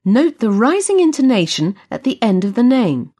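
A woman with a slightly husky voice leads a language lesson, patient and instructive. Her intonation rises and falls in a lively way. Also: a little high, normal speed. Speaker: course presenter. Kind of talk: scripted language-lesson narration.

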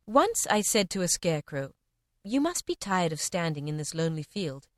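A woman giving a measured, expressive reading of short parables in old-fashioned language. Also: on the low side, dry recording, studio quality. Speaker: reader. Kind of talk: scripted narration of parables.

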